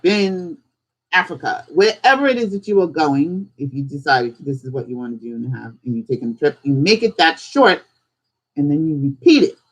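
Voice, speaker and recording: Chatty live-stream host, lots of questions, acts out little examples, average pitch. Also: poor audio. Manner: conversational, fires off rhetorical questions. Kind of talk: casual live-stream teaching. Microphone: streaming setup.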